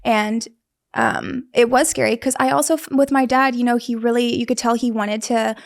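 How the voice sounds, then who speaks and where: A young woman tells her story in an easy, conversational way, earnest and vivid, often restarting her sentences. Her voice sits a little high and carries a gravelly fry. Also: fairly even intonation, normal speed. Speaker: guest sharing a survival story.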